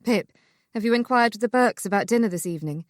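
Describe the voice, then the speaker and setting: A woman voicing a proper, practical married older sister who speaks briskly, in an audiobook. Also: a little high, no echo, clean studio sound, natural voice. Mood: hushed.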